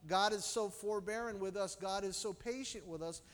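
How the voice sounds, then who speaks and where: Male preacher with a high voice, storytelling sermon with sharp swings in loudness, in a reverberant hall. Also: moderate pace. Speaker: pastor.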